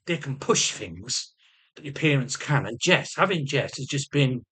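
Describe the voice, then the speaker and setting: A man's voice: mid-range voice, expressive, measured pace, sharp tone, husky. A man in a casual video diary, rambling emotionally, swearing heavily and stammering through restarts. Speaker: vlogger.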